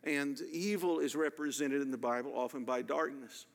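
A man preaching a sermon as a pastor, speaking earnestly and slowing down to stress key words. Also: medium pitch, gravelly. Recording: long hall reverb.

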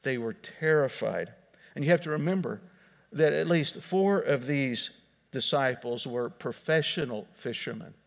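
A man's voice: medium pitch, expressive, measured pace, gravelly. A male pastor preaching a sermon in an earnest, explaining way, often restarting and repeating words. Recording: long hall reverb.

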